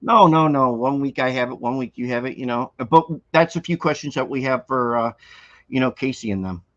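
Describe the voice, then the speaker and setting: A man co-hosting a podcast in casual chat, halting and tripping over his words. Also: mid-range voice, a bit bright, lo-fi sound. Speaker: podcast co-host.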